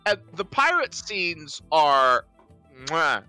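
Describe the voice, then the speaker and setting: A young man co-hosting a casual movie review podcast, animated and acting out scenes in silly voices. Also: fairly high pitch, slow pace, soft background music. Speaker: podcast co-host.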